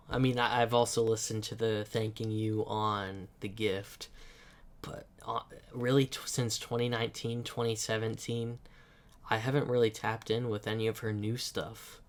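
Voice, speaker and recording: Male reaction host: low, even delivery, thoughtful and hedging, corrects himself often. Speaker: music reaction channel host. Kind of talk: casual commentary.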